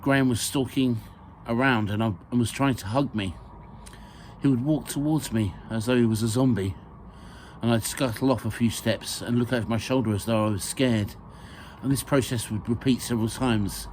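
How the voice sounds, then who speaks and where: A man's voice: medium pitch, fairly even intonation, moderate pace, darkish tone, a little hiss or hum. A man reading his own memoir aloud, hesitant with fillers and a dry sense of humour.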